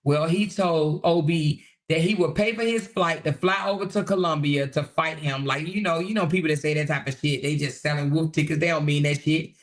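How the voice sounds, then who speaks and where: A woman hosting a livestream, reading viewer comments in casual chat that is animated, laughing and gossipy. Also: low voice, a little fast, few pauses. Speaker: livestream host.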